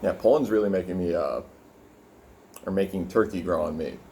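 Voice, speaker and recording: A man's voice: deep voice, moderate pace, dark tone, a little hiss or hum. A young man vlogging from his room, rambling casually with lots of fillers and swearing while he eats. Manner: rambling, profane, filler-heavy, talking while eating. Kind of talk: casual food vlog with rant.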